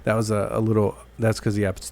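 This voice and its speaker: A man's voice: lowish voice, completely flat delivery, quick pace, vocal fry, darkish tone. A man hosting a podcast in casual chat, rambling, swearing freely and acting out the people in his stories. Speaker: podcast host.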